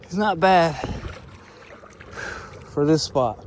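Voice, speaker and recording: Male fishing vlogger, winded and excited, slightly high voice, faint outdoor background hiss. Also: extremely slow. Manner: excited, drawling, calls viewers y'all. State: out of breath. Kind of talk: casual outdoor narration to camera.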